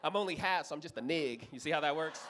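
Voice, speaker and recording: Performing stand-up at a comedy club with an audience present, this Los Angeles comedian in his thirties spins a profane tale, giving his characters animated voices. His voice is a little high and he talks fast, with slight background noise in the recording.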